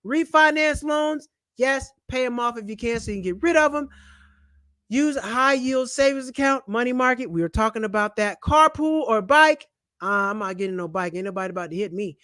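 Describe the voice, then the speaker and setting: A high, bright-voiced man rants loudly and playfully to his camera, tossing out money tips with slang and jokes. His voice is forceful and sharp. The recording is dry and close, with no room echo. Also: fairly quick. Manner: loud, animated, slangy and joking. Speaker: channel host and comedian. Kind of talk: casual personal finance vlog rant. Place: at home, seated in a chair. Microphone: camera mic.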